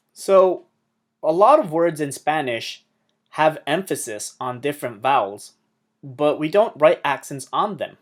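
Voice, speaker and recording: Man teaching a Spanish lesson. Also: medium pitch. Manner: upbeat, with small jokes. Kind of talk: explaining a lesson.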